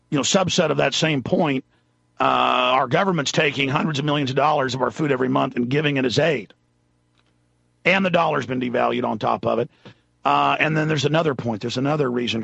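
Male talk radio host, gravelly husky voice, rambling delivery, dry dull studio sound. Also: medium pitch, fairly quick, a bit bright, no room sound. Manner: rambling, loses his train of thought mid-sentence.

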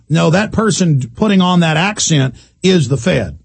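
A man's voice: fairly high pitch, animated, unhurried, gravelly, husky, no echo. A man hosting a talk radio show, delivering an emphatic, repetitive rant. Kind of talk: heated talk-radio monologue.

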